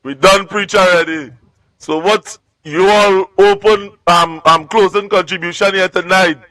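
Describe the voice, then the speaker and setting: A man hosting a live-stream panel, animated as he moves the talk along. His voice is high for a man, bright and forceful. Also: unhurried, no echo, poor audio. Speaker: host.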